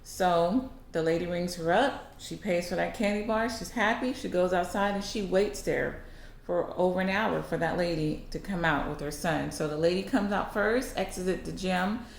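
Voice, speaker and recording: A woman's voice: fairly low pitch, normal speed, vocal fry, roomy sound, slight background noise. A woman vlogger telling a story casually to her viewers. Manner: chatty, animated.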